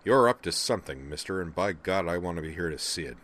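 A gray-haired male admiral, hearty and emphatic, voiced by a male narrator. The voice stays deep and low in an audiobook reading. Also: expressive, quick pace, a bit bright. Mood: amused. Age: older. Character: older male admiral, gruff and amused.

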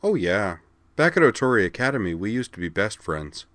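A man's voice: on the low side, very animated, a little fast, no room sound. A man voicing a casual, easygoing teenage girl duelist who talks bluntly and teases a little, in a read-aloud story. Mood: breezy. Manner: casual, offhand, quietly teasing. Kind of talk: audiobook character reading.

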